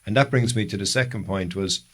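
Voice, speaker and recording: Low-voiced Irish man spinning long stories. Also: fairly quick, fairly bright tone, breathy edge. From Ireland. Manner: long rambling storytelling with self-corrections. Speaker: podcast co-host. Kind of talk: casual chat.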